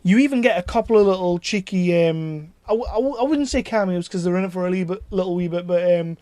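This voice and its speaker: A man, co-hosting a casual film podcast, excitable and swearing freely. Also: sits high, fast talker, dry recording. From North East England. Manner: excitable, swears freely, laughs while talking. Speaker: podcast co-host.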